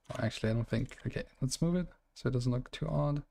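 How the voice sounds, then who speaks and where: Brief: male streamer, gravelly mid-pitched voice, loose rambling game commentary. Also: fairly quick, few pauses, dark tone. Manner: rambling, self-correcting, laughs at himself. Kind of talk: casual gameplay commentary.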